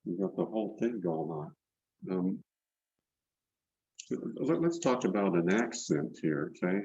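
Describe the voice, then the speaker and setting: A man's voice: low voice, lively intonation, unhurried, darkish tone, breathy edge, no room sound, muffled recording. An older man teaching a painting demonstration over a video call, talking loosely and repeating words as he paints. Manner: rambling, repeats words while working. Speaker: painting instructor. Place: indoor studio, online video session. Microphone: video call mic.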